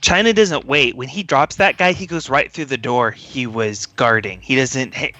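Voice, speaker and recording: A man's voice: mid-range voice, moderate pace, sharp tone, no echo. Man calling his character's moves. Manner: declares actions in third person. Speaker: player. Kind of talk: casual tabletop play.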